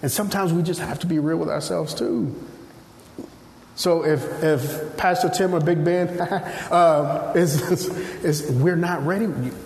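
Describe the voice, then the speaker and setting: A man preaches with animated storytelling in a voice pitched a little high. He slips into acted-out voices along the way. He sounds like he is in an echoey hall with a long reverb and faint ambience behind him. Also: slight background noise. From Nigeria. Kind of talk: sermon.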